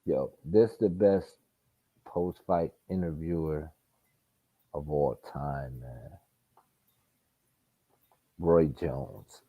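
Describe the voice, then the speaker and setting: A man's voice: a bass voice, slightly rough, dry recording, narrow, tinny audio. A man hosting a live boxing stream, reacting in casual, profane, emphatic commentary. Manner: profane, emphatic, drawn-out remarks. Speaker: boxing livestream host.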